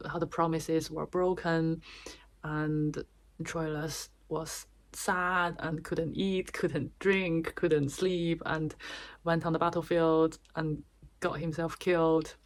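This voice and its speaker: A woman's voice: low voice, flat delivery, slow pace. A woman vlogger giving a chatty, casual summary of a book, with restarts and small laughs.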